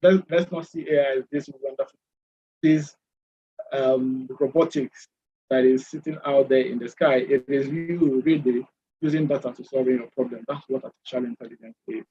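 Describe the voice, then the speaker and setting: A man answering a panel question on a video call, halting with many restarts and fillers. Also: medium pitch, fairly even intonation, mellow, breathy edge. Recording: dull lo-fi video call audio.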